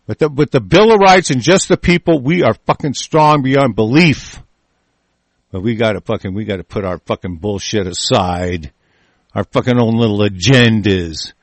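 Man, gravelly voice, dry close sound, furious swearing monologue, shouted bursts. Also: fairly low pitch, normal speed, no room sound. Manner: furious, swearing, shouting outbursts, repeats and restarts. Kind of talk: angry profane monologue.

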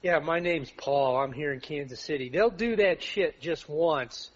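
A man's voice: fairly high pitch, unhurried. A man calling in to a talk show, speaking bluntly in agreement with the host. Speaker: caller. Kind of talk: call-in talk. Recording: muffled phone-in line.

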